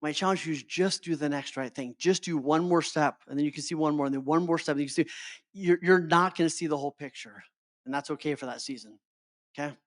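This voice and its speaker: A man's voice: fairly high pitch, fast, a bit bright, dry recording, clean studio sound. A middle-aged man giving a motivational talk to a live audience as a life coach. He keeps checking in with his listeners and often stumbles over and repeats his words.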